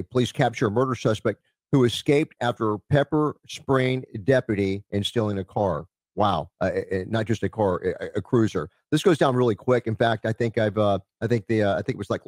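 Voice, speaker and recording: A man's voice: lowish voice, a little mellow, no room sound, studio quality. A man hosting a law enforcement talk show, reading a news story aloud and adding loose, casual asides. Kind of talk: casual roundtable discussion.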